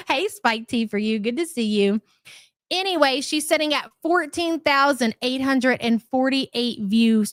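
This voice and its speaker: A woman with a fairly high voice hosts a chatty livestream, sarcastic and scornful, breaking off to greet viewers by name. The sound is close and dry, with no room behind her. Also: sharp tone, no echo. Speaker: livestream commentary host. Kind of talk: casual livestream commentary.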